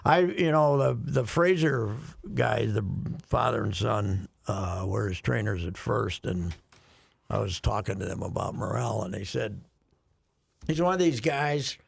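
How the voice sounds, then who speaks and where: A radio show regular, this older man chats casually, telling a rambling story punctuated by chuckles and frequent restarts. His voice is lowish, gravelly and husky, kept at a measured pace.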